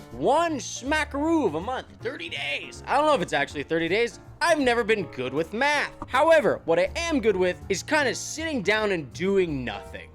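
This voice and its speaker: Lively, high-voiced young man rambling. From United States. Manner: rambling, self-deprecating, nervous. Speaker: YouTuber. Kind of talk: casual monologue to camera.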